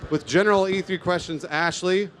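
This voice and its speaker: A man co-hosting a live convention stream, teasing with an exaggerated deadpan story. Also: sits high, moderate pace. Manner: deadpan tall-tale teasing. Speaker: co-host. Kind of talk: casual live event chat.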